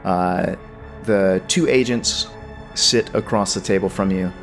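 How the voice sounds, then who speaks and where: A male game master narrating a tabletop horror game in an unhurried way, stopping often for ums and uhs. His voice is somewhat low, with faint music running underneath. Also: a bit bright.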